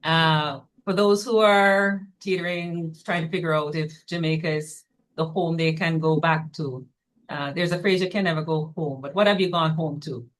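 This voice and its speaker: A woman's voice: low voice, fairly even intonation, normal speed, poor audio. A woman co-hosting an online community call, asking the guest questions in a conversational way. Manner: inquisitive, conversational. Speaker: co-host.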